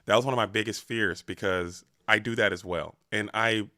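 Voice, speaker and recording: A man's voice: lowish voice, brisk, no room sound, clean studio sound. A man from the United States, an esports caster, chatting and joking playfully with his co-hosts between matches. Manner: animated, playful, bursts of excited emphasis. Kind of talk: casual banter between casters.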